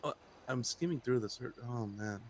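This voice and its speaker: A man's voice: mid-range voice, moderate pace, slight background noise. A man talking in character over voice chat, a little under the weather, thinking aloud as he skims documents.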